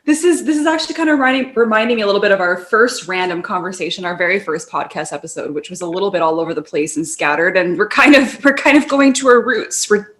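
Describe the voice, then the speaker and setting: A young woman co-hosting a podcast in loose, casual chat. She rambles from one thought to the next, restarts her sentences and laughs often. Her voice sits at an ordinary middle pitch. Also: fast talker, hardly any pauses, a bit bright. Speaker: podcast co-host.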